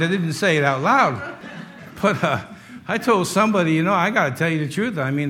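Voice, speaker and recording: A man in his sixties preaching a sermon in a conversational way, with wry humor, moving between loud emphasis and quiet asides. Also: a little high, a little hiss or hum. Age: 60s. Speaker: pastor.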